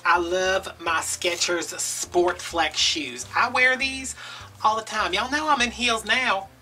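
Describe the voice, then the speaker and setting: A woman putting on a gushing TV shopping host. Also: sharp tone. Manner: gushing, drawn-out sales pitch. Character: gushing female TV shopping host, overly sweet. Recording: distant mic with music behind.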